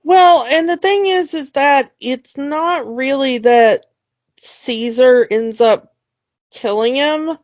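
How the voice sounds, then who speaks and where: A woman co-host chatting casually about a film, her talk unhurried and sprinkled with fillers. The sound is dull and lo-fi, dry with no room to it. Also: high-pitched, no room sound. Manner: chatty retelling with many fillers and laughs. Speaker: podcast co-host.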